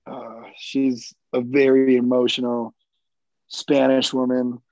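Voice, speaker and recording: Gravelly man telling a war story. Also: medium pitch, little pitch movement, slow pace, darkish tone, no room sound. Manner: rambling, profane, many fillers. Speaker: military veteran guest. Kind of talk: casual personal storytelling. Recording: dull lo-fi dry recording.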